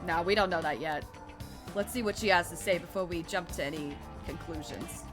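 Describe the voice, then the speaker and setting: A woman voicing a weary, gruff middle-aged male police detective in game dialogue. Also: fairly quick, over music, lightly acted. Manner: low, tired, gruff. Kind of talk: game dialogue read aloud.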